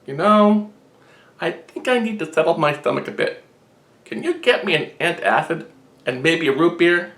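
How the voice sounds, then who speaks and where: A man's voice: a little high, animated, moderate pace, fairly bright tone, voice pushed up. A man voicing a clever, smug young knight who explains his logic patiently. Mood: casual. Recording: roomy echo.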